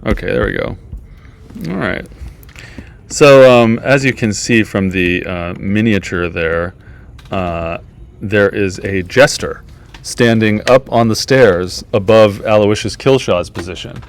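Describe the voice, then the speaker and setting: A man narrating as the game master of a tabletop game, in a relaxed and rambling way with many fillers. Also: lowish voice, slow pace. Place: backyard.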